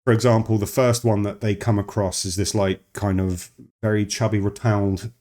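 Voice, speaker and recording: A man with a lowish, level, slightly mellow voice speaks at a moderate pace while casually reviewing a film. His talk is rambling and digressive, and he often interrupts himself mid-sentence.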